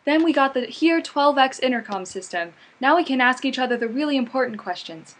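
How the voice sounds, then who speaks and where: A woman playing a cheerful housewife in a mock commercial, with a chirpy sales-pitch delivery. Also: animated, a little fast.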